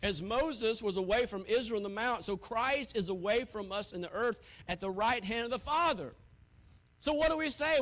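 A man pastor preaching a sermon, swinging from hushed asides to shouted points. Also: high voice, lively intonation, fairly quick.

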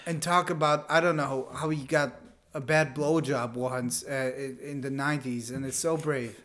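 A man guesting on a podcast as a comedian, sarcastic and animated, swearing freely in casual chat. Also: mid-range voice, moderate pace.

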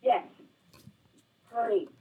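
A man's voice: very slow, distant mic, narrow, tinny audio. A man playing a frightened young friend who is running at night, talking urgently over the phone and out of breath. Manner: breathless, urgent, whispering at times.

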